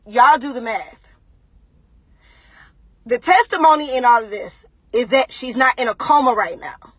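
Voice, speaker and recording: Woman, shaken mother addressing livestream viewers, higher voice, dry close mic. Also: fairly bright tone, dry recording. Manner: shaken, pausing often with ums. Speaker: mother giving a livestream update. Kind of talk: casual live video talk to viewers.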